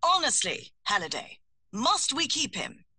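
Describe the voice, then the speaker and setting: A woman voicing an arrogant, uptight male hummingbird familiar with a British accent and a put-on deep voice, fussy and formal, in an audiobook. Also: wildly swooping pitch, measured pace, sharp tone, husky, no room sound, full character voice. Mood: indignant. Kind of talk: audiobook character voice.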